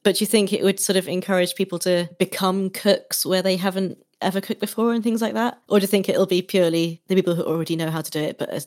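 A woman podcast host interviewing a guest and closing the show, friendly and quick to laugh. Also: fairly low pitch, steady tone, a little mellow.

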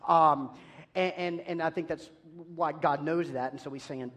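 A man preaching a sermon, telling an animated, self-deprecating story about himself. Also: fairly high pitch, normal speed.

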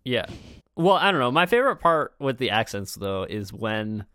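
A man co-hosting a casual chat about a film, animated and quick to laugh. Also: medium pitch, dry recording, clean studio sound. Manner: animated, laughs often, does playful impressions. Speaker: podcast co-host.

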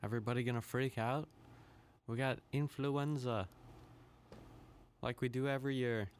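A man's voice: medium pitch, steady tone, moderate pace, slight background noise. A man hosting a podcast, ranting casually with lots of swearing, laughter and rambling asides. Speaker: podcast host. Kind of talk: profane comedic rant.

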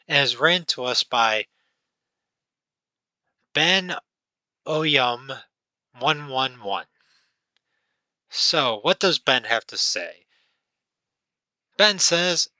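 A man's voice: mid-range voice, lively intonation, takes it slowly, long pauses, bright, forceful tone, no room sound, rough recording. A man hosting a casual film-review podcast, rambling with lots of "you know" and "like". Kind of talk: casual chat.

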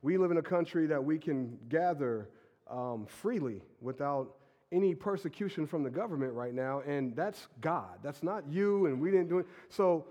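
Sick pastor guy preaching loose and chatty, kinda high voice, big echoey church. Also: moderate pace, muffled recording. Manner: casual, energetic preaching with fillers and laughs. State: sick with a stuffy nose. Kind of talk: sermon. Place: church sanctuary.

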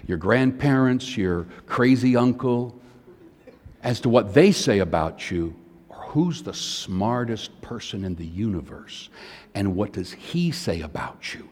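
Older preacher, long hall reverb. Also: male voice, medium pitch, darkish tone. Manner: conversational storytelling preacher. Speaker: pastor. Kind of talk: sermon.

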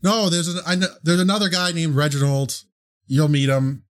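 A man's voice: on the high side, moderate pace, pitched above the performer's own voice, natural voice. A man voicing a flustered middle-aged mayor with a Midwestern accent who stammers and gets exasperated.

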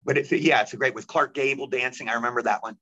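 A man telling stories as an interview guest, lively and quick, acting out the voices of the people he quotes. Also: mid-range voice, highs cut off. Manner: animated, rapid storyteller who acts out quoted voices. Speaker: guest actor. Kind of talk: storytelling interview.

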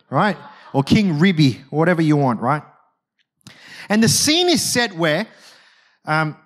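High-pitched and animated, this man preaches a conversational sermon and keeps checking in with the people listening.

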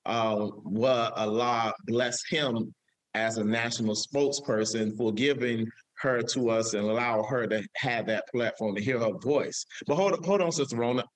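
A man's voice: mid-range voice, normal speed, no echo. A man hosting a live show, emotional and preacher-like, repeating his phrases for emphasis. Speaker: show host.

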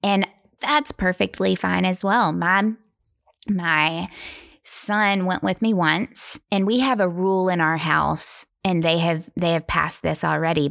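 Middle-aged woman, low-leaning voice, earnest and reflective in casual talk. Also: steady tone, measured pace, creaky, fairly bright tone. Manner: earnest, thoughtful, explains in long run-on sentences. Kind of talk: casual conversation.

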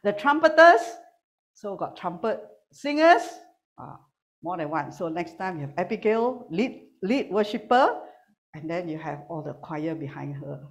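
Animated woman preaching with teasing humor. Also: mid-range voice. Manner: animated, teasing, swings between loud and quiet. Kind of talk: sermon with humor. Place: church hall with online congregation.

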